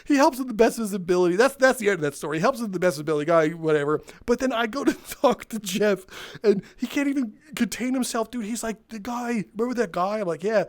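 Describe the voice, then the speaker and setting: Guy with a pretty high voice telling funny work stories while gaming, keeps cracking himself up. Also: fast. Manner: animated, laughs through his own stories. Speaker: gaming video host. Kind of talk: casual storytelling while playing a VR game.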